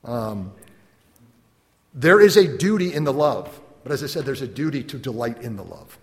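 Animated pastor preaching in a reverberant hall. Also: male voice, mid-range voice, moderate pace. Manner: animated, acts out little dialogues, laughs often. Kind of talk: sermon.

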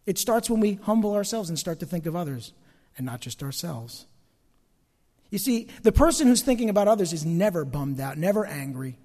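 A pastor preaching a sermon, swinging between loud emphatic lines and quiet asides. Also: male voice, high voice, big pitch swings, fairly quick, big-room sound.

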